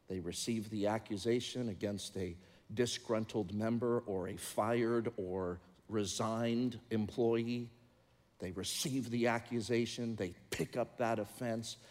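A middle-aged man preaching as a pastor, moving between loud, emphatic passages and quieter, confiding talk. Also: on the low side, measured pace. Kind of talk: sermon. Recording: long reverb of a large hall.

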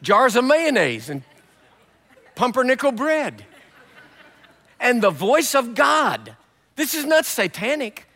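A male guest preacher delivers a sermon with animated, humorous storytelling. His voice is high and bright, and it rings with the long echo of a large church hall. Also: slow, pauses often.

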